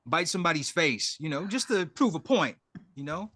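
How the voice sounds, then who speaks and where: A man's voice: fairly high pitch, very animated, fairly bright tone. A man co-hosting a podcast, chiming in with jokes and wisecracks in casual chat. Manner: jokey, quick with wisecracks. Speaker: podcast co-host.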